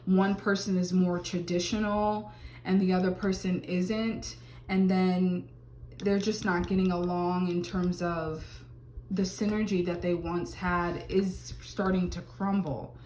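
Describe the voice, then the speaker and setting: A woman's voice: fairly low pitch, flat delivery, measured pace, a little mellow, roomy sound, slight background noise. A woman giving a casual tarot reading to camera, chatty, with many fillers and exclamations. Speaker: tarot reader.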